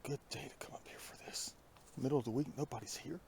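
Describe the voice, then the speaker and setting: A man vlogging outdoors on a foggy hillside, talking in a hushed, often half-whispered, reflective way into a phone headset mic. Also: medium pitch, quick pace, vocal fry. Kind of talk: musing outdoor vlog. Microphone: iPhone with plugged-in headset.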